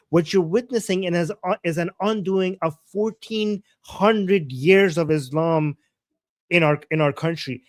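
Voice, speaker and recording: A man's voice: sits high, no room sound, clean studio sound. A man from Iran co-hosting a live stream, talking emphatically and repeating key phrases. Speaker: co-host and YouTuber. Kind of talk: casual live-stream chat.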